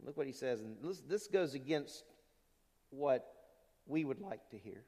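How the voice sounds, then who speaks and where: A man preaching a sermon, animated and full of rhetorical questions to the congregation. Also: medium pitch, unhurried. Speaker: pastor. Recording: long hall reverb.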